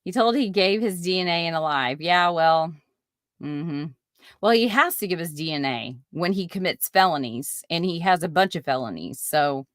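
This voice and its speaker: A woman's voice: lowish voice, animated, normal speed, dry recording, studio quality. A woman hosting a casual live stream, reading viewer comments aloud and reacting with outrage and apologies. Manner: chatty, reads viewer comments aloud, indignant. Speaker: podcast host.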